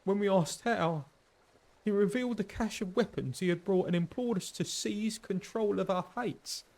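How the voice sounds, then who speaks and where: A man's voice: high-pitched, moderate pace, darkish tone, voice pushed up. A man voicing a terrified male refugee who stammers out his story in fear and guilt. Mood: frightened. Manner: stammering, fearful.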